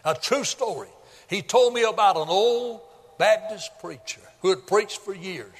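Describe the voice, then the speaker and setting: A male pastor preaching a sermon in a folksy storytelling way, building up to shouts at the high points. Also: a little slow. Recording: long hall reverb.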